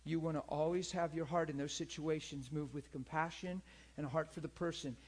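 A male preacher gives a conversational teaching in a somewhat high voice. He is animated and earnest, and keeps turning to his listeners for an amen or a nod of agreement. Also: a little fast, breathy edge. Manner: animated, acts out people in high pleading voices; earnest, repeats himself, asks listeners for agreement. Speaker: pastor and teacher.

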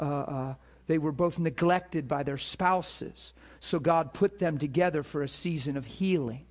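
Male preacher, high voice, animated sermon storytelling, emphatic, acts out dialogue. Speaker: preacher teaching a ministry school.

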